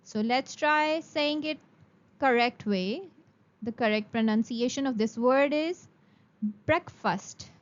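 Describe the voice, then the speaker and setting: Slow, high-voiced woman teaching English. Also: clean tone, dull audio. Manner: slow, careful, repeats words for practice. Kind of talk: beginner English lesson.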